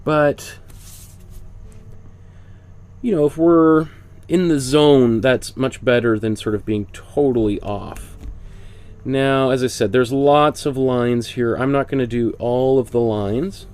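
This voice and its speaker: A man with a stuffy, congested voice leads a casual painting lesson. He chats along in a mid-pitched voice and explains each step as he goes. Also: takes it slowly, long pauses, a little mellow, clean tone. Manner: chatty, explains step by step while working. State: congested with a cold. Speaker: art instructor.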